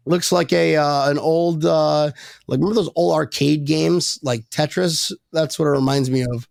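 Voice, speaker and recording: A man hosting a podcast over a video call, loud and excitable, joking, stammering when he gets worked up. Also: on the high side, moderate pace, gravelly, dry recording. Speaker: podcast host. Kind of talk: rowdy casual podcast banter.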